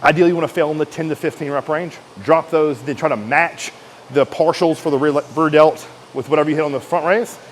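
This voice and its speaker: A man coaching a shoulder exercise in a casual, energetic way, talking while he lifts and strains through the reps. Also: fairly high pitch, brisk, a little hiss or hum, rough recording. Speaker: fitness coach.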